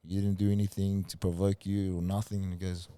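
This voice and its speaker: Soft-spoken young man with a low, mellow voice. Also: a little fast, smooth, no echo. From New Zealand. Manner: soft-spoken, relaxed storyteller. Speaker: guest. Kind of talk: casual storytelling.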